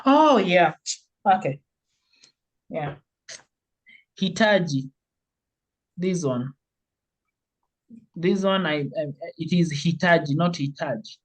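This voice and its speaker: Slow chill teacher on a zoom call, laughs a lot. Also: mid-range voice, expressive, low-quality recording. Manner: patient, slow, laughs often. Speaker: Swahili teacher. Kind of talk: online language class. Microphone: video call.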